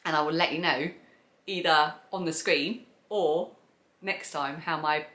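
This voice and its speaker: Rambling South East London woman host, casual chat, slightly low voice. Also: fairly even intonation, measured pace, fairly bright tone, roomy sound. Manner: chatty, enthusiastic, rambling. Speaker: podcast host.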